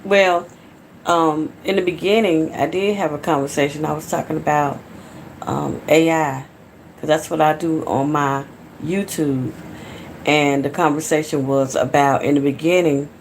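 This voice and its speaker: Low-voiced Atlanta woman chatting on a livestream. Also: steady tone, measured pace, a little hiss or hum. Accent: Southern American (Atlanta). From Atlanta, Georgia, USA. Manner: rambling, chatty, talks straight to viewers. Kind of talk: casual live-stream chat. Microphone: phone.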